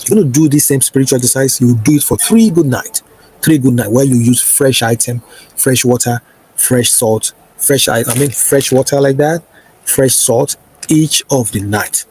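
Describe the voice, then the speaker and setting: A man giving a spiritual teaching, coaxing listeners with repeated "okay" and "right" and slowing into declarative prayers. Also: mid-range voice, darkish tone, slight background noise, poor audio. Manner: slow, declarative prayer lines. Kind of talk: instructional preaching to camera.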